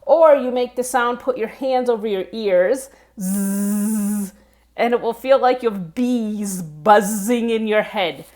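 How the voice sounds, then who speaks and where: A woman giving a pronunciation lesson, spelling out letters and repeating words slowly and deliberately. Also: on the high side, a little mellow. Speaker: pronunciation coach.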